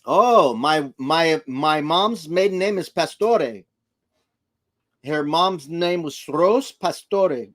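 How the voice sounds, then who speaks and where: Middle-aged man, slightly high voice, casual stream chat, lively storytelling. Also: takes it slowly. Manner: animated storyteller who acts out voices. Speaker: livestream co-host.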